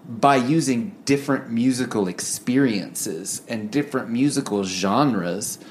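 Here the co-host's voice is mid-range and his pace measured, against slight background noise. He discusses music casually on the review show, earnest but rambling and heavy on fillers.

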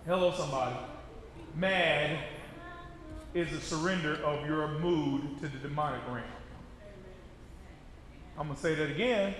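A man preaching a sermon with call-and-response, repeating his lines for the congregation and rising to emphatic shouts. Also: fairly high pitch, unhurried, pauses often, slight background noise. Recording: echoey hall, mic far off, audience.

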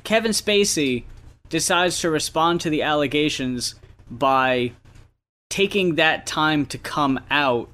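A man co-hosting a podcast in casual chat, talking in a measured, thoughtful way. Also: on the high side, pushed and bright. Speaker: podcast co-host.

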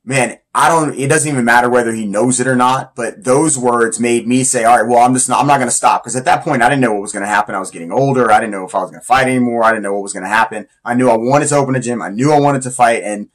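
A man's voice: medium pitch, fast, few pauses. A man who fights Muay Thai, talking casually and enthusiastically as he counts down his influences. He rambles a little and uses slang.

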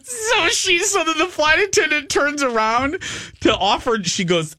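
A man's voice: very high-pitched, measured pace, no echo, studio quality. A middle-aged man hosting a radio show, telling campy, sassy stories in a casual chat. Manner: animated storyteller, campy and sassy. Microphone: studio mic.

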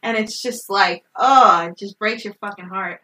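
A woman's voice: medium pitch, a little slow, sharp tone, rough recording. A woman co-hosting a casual movie recap, blunt and laughing often, swearing freely.

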